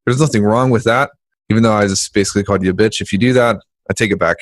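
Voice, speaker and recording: A man with a lowish voice co-hosts a business podcast, talking casually and animatedly, teasing his co-host as he goes. The recording is close and dry. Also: very fast, dry recording. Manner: animated, joking, jumps into voices when quoting people.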